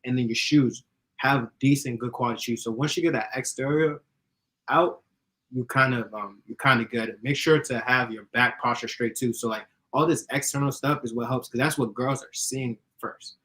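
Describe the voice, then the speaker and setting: A young man chatting casually, giving dating advice, who talks fast and giggles and laughs often. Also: mid-range voice, fairly even intonation, pushed and bright, rough recording. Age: young adult. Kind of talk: casual chat.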